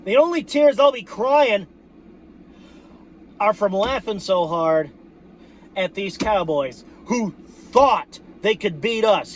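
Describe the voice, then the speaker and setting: A man ranting loudly in a post-game victory rant as a football fan vlogger, swearing freely and breaking into shouted bursts from inside a car. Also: high-pitched, expressive, slow pace, long pauses. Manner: boisterous, profane, shouting bursts.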